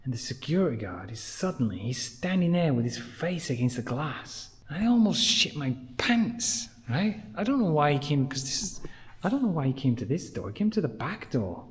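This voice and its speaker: A man telling a travel vlog story in a jokey, animated way, now and then dropping to a hush, outside a villa at night. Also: on the high side, moderate pace, breathy edge. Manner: animated, jokey, drops to hushed tones. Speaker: travel vlogger. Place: villa pool area at night.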